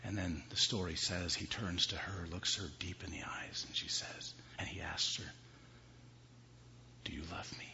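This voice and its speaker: A man preaching a sermon, swinging from hushed whispers to loud, high emphasis. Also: steady tone, moderate pace, creaky, hardly any pauses. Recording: dull lo-fi recording with faint ambience.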